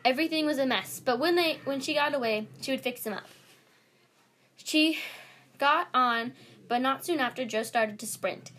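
A woman reading her own story aloud in a plain, slightly halting way with small restarts. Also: high-pitched, a bit bright.

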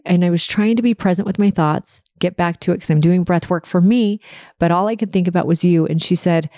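A woman's voice: fairly low pitch, moderate pace, vocal fry, mellow, dry recording, studio quality. A woman hosting a podcast, telling an emotional personal story with quoted dialogue. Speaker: podcast host.

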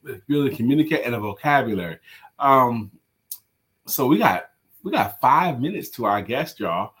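Male host and sales coach, husky voice, lively pitch, emphatic and repetitive. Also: normal speed. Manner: animated and emphatic, repeats key phrases. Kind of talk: casual livestream chat.

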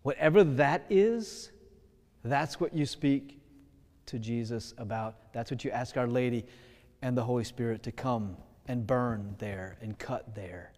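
A man preaching a sermon with passion, swinging between loud pleading prayer and hushed, gentle speech. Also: medium pitch, measured pace, long reverb tail.

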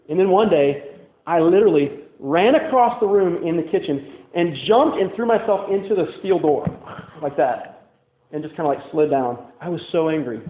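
A man's voice: a little high, expressive, a little fast, roomy sound, narrow, tinny audio. A man preaching a sermon as a pastor, telling candid personal stories in a conversational way full of "like" fillers. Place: church.

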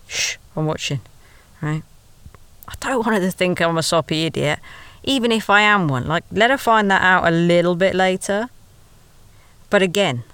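Woman, storyteller, smooth voice, dry close sound, confiding and self-mocking. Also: deep voice, fairly bright tone, no echo. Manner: confiding, self-deprecating, chatty asides. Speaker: podcast storyteller. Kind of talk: first-person storytelling.

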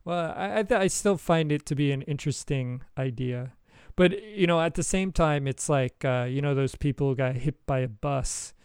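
A man's voice: on the high side, moderate pace, few pauses, clean tone, dry recording, clean studio sound. A man in his forties rambling through a casual podcast chat and laughing often while he tells stories. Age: 40s. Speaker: podcast co-host.

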